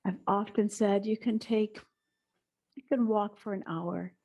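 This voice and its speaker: A middle-aged woman teaching a guided movement lesson indoors, giving slow, soothing instructions with soft breathy asides. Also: medium pitch, fairly even intonation. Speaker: eurythmy teacher. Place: indoor room, small.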